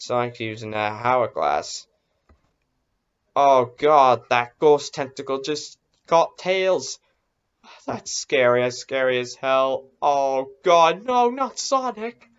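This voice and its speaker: A man's voice: medium pitch, slow pace, smooth. A man hosting a casual reaction video, easily startled and exclaiming, talking himself into being brave. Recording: dull lo-fi recording.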